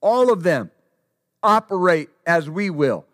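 A male preacher with a strikingly high, slightly bright voice gives a very animated sermon at a slow, deliberate pace. He hammers his points home emphatically by repeating short phrases. The recording is dry, with no room echo.

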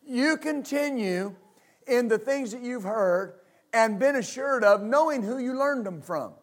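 Pastor guy preaching at church, kinda high voice, lots of uh and amen, starts over a lot. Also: lively intonation. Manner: halting restarts with frequent amens and uh; asks the congregation for responses. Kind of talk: sermon. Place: church service with congregation.

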